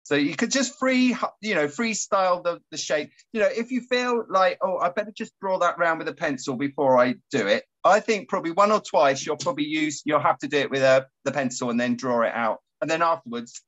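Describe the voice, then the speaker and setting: A man guiding a paper craft tutorial, chatty and quick to laugh. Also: a little high, muffled recording. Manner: animated, giggly and chatty. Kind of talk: casual craft tutorial chat.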